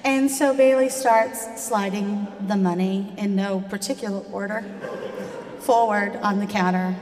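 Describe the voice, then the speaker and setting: A woman, telling a personal story live with a wry touch, sometimes dropping to a hush. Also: mid-range voice, steady tone, a little slow. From Southern United States. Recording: echoey hall with long reverb.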